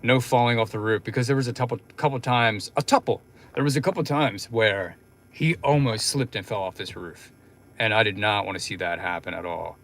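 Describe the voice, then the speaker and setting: A man's voice: on the low side, fairly quick, fairly bright tone. A young man hosting a livestream, telling a long story in a casual, rambling way with lots of fillers and restarts. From Philadelphia, United States. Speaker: livestream host.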